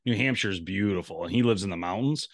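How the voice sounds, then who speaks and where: A man with a fairly low voice tells his travel stories casually, in a rambling way. He co-hosts an outdoors podcast. The sound is dry and close, with no room echo. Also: quick pace. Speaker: podcast co-host. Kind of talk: casual chat.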